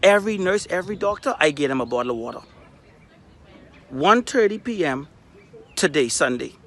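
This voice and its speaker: A man's voice: a little high, expressive, moderate pace, fairly bright tone, slight background noise. A Bahamian man making an angry, defiant appeal straight to camera, firing off rhetorical questions. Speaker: local volunteer.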